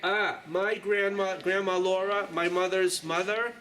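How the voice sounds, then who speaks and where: A man's voice: high voice, fairly even intonation, unhurried, pushed and bright, poor audio. A man in his sixties with a New York accent, a journalist rambling chattily through a casual tour of his exhibition, full of jokey asides. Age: 60s. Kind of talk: casual guided tour talk.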